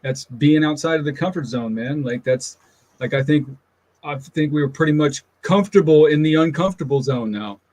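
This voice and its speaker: A man's voice: fairly high pitch, normal speed, a little mellow, no room sound. A man co-hosting a podcast who mostly chimes in with short, encouraging agreement in casual chat. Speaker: podcast co-host.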